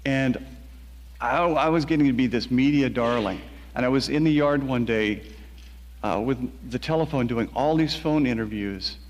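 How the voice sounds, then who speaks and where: A man, a novelist, recounting a personal story in a measured, quiet way with halting restarts. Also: medium pitch, big-room sound, lo-fi sound.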